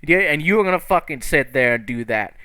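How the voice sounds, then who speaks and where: A man voicing a foul-mouthed, hot-tempered male dwarf cook who talks gruff and blunt. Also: a little high, expressive, brisk, bright, forceful tone, no echo. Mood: shouting angrily. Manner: swears constantly, gruff and blunt.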